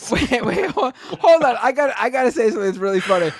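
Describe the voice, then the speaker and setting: A man co-hosting a live-streamed political talk show, reacting to clips with quick asides and frequent laughter. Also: very high-pitched, lively intonation, a crowd in the background. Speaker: podcast co-host. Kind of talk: casual live-stream commentary.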